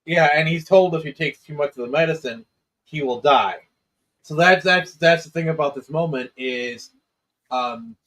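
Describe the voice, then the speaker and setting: A man co-hosting a casual movie discussion, explaining plot details in a measured way with fillers. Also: medium pitch, a bit bright, rough recording. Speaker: podcast co-host.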